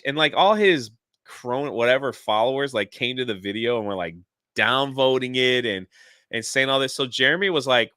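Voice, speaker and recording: A man on a livestream telling a long story in an animated, chatty way, jumping in and out of quotes. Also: medium pitch, moderate pace, smooth, no room sound, clean studio sound. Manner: animated, jumps into quoted voices. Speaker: YouTuber guest. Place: lives near a theme park in Florida.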